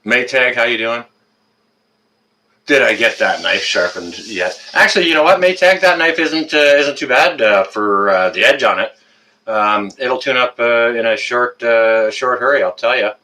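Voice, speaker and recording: A man's voice: mid-range voice, lively intonation, moderate pace, sharp tone, poor audio. A man hosting a live stream, chatting casually, rambling with many fillers and greeting viewers by name.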